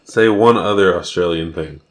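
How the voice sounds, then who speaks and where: A man co-hosting a podcast, teasing and firing off quick questions in casual chat. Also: sits low. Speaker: podcast co-host.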